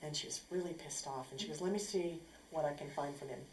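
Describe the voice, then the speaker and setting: A woman's voice: sits low, fast talker. Woman telling a story in an echoey room. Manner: animated, acts out quotes. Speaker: speaker sharing a personal story. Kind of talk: casual storytelling. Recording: echoey room with faint noise.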